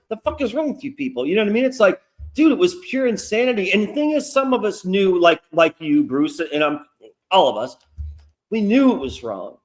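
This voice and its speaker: A man's voice: high-pitched, expressive, fairly quick, a bit bright. A man who is a guest comic artist, getting worked up in a casual talk, swearing often and sounding sarcastic. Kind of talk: heated casual chat.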